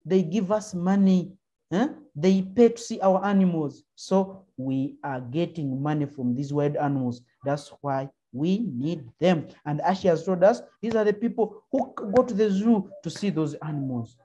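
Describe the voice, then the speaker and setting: Ugandan English woman, primary teacher, lowish voice, mellow tone, encouraging, video call. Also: normal speed, highs cut off. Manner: encouraging, prompting with frequent uh-huh and mm-hmm. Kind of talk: online class lesson.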